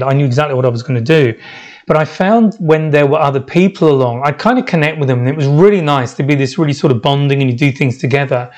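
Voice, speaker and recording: Rambling, reflective middle-aged man. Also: medium pitch. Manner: rambling, reflective, many restarts. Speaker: podcast host. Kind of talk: reflective travel storytelling podcast.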